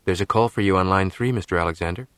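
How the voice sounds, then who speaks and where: A man's voice: sits low, quick pace, a bit bright, smooth, dry recording, studio quality. A man voicing a polite, formal female office secretary.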